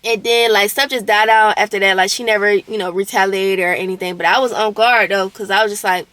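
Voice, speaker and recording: A woman's voice: mid-range voice, fairly even intonation, fairly quick, a bit bright, no echo. A young woman vlogger recounting a roommate conflict in a casual storytime, candid and indignant, with slang and swearing.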